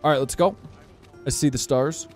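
A man's voice: on the high side, normal speed, darkish tone, soft background music. A young man live-streaming a game, chatting casually with viewers and swearing in exasperation. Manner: profane, exasperated banter with chat. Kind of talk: casual gameplay commentary.

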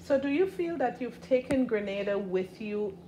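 A woman's voice: a little high, lively intonation, moderate pace. A woman conducting an interview, asking short questions and giving encouraging prompts. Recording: echoey room with background noise.

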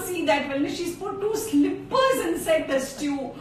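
A woman telling a story to children in an animated, direct way, streamed live from a phone. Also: extremely high pitch, unhurried. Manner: animated, talks straight to children. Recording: echoey room, far from mic, faint noise.

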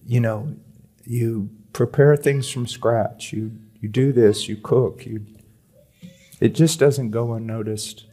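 A man preaching a sermon at a conference, reading aloud with emphasis, then dropping to quiet, confiding tones and repeating words to drive a point home. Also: medium pitch, fairly even intonation, takes it slowly, slightly rough. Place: church or conference hall.

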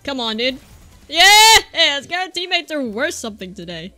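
Very high, bright-voiced excitable woman gamer. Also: a little fast. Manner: excitable, yelps and shouts, mock-rages at the game. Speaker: gaming YouTuber. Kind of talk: live gameplay commentary.

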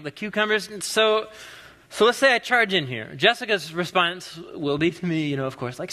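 In a church sanctuary with long, hall-like reverb, a man in his thirties from the US Pacific Northwest preaches in a casual, joking way, telling stories with animation. His voice is high and his pace moderate.

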